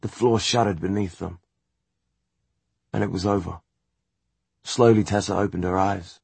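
A man narrating a novel as an audiobook in a steady, measured reading. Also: sits low, vocal fry, slightly rough, no echo. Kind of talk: scripted narration.

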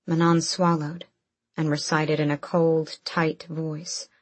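A woman narrating a fantasy audiobook in an even, measured way. Her voice is low and breathy, she reads slowly, and the sound is dry and close. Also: no room sound.

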